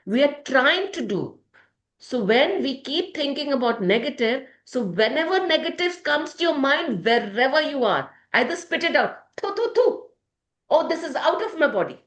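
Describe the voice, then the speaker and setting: A woman's voice: high voice, expressive, normal speed, a bit bright, reverberant. A woman leading a motivational group session, emotional and speaking to members by name. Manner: emotional, addresses listeners by name. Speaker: positivity group leader.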